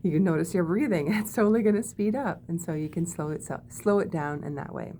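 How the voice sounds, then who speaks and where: A woman teaching body-calming techniques in a gentle, demonstrative way, often checking in with "okay?". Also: on the low side, quick pace, a little hiss or hum. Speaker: wellness teacher. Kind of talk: guided body-calming lesson.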